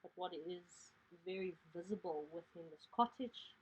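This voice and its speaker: A woman's voice: fairly low pitch, unhurried, breathy edge, low-quality recording. A woman narrating as game master in a tabletop game, talking in a rambling way full of fillers.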